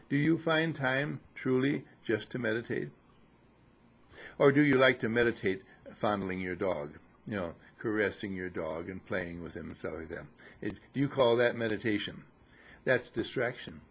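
Male spiritual teacher, gravelly husky voice, lively pitch, teasing and scolding, sermon to disciples. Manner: teasing, scolding, mocking laughter.

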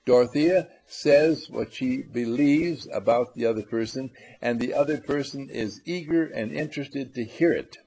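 A man giving a spiritual lecture to a live audience, animated and teasing, acting out little scenes as he goes. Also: medium pitch, moderate pace, few pauses, a little hiss or hum. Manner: animated, acts out little scenes in funny voices; coaxes and teases the audience. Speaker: motivational speaker.

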